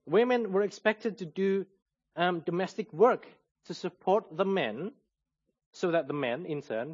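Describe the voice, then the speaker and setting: Male preacher, measured teaching sermon, lively pitch, slightly high voice. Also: highs cut off. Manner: measured, explanatory, lively intonation.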